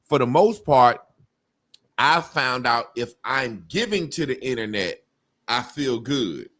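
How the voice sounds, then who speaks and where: A blunt middle-aged man talks through his views in a rambling, profane way. His mid-pitched voice sounds dry, with no room echo. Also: lively intonation, takes it slowly, a bit bright. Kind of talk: casual talk-show conversation.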